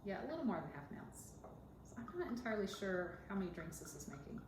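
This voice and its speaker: A woman with a medium-pitched, sing-song voice talks fast as she co-hosts a podcast. She's a dentist, chatting casually and giggling while she mixes a cocktail. The room is echoey, with noise in the background.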